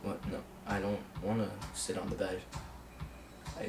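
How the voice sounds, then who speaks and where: A man's voice: low voice, level tone, moderate pace, faint music behind. A young man hosting a home video, bossy, often shushing his friends and restarting his intro. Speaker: host. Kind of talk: casual home video chat. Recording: distant camera mic with clear background noise.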